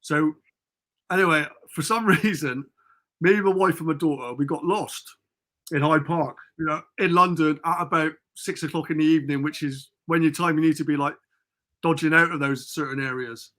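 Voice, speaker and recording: A man's voice: fairly high pitch, moderate pace, pushed and bright. A Cornish man, a podcast guest, telling rambling anecdotes and acting out the quotes. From Cornwall. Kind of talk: casual storytelling.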